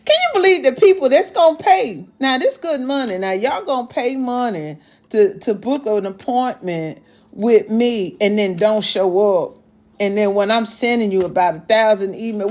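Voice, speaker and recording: This astrologer hosting a casual livestream has a fairly high, darkish voice and speaks at normal speed, animated. She plays the elder mama to her viewers, sassy and motherly, teasing and scolding her "babies" and "y'all."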